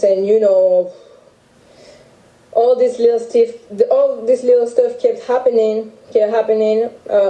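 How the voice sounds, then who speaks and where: A young French woman with a French accent, recounting a personal story in halting speech full of restarts. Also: a little high, mellow, roomy sound, rough recording. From France. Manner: halting, with many restarts and fillers. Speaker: guest telling her story. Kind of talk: emotional personal account.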